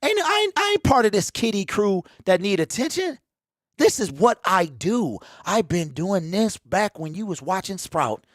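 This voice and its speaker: Guy in his 40s on a livestream, kinda high voice, dry sound, rambly and teasing the chat. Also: sing-song, normal speed, dry recording. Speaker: host of a fan livestream. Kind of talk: casual livestream rant.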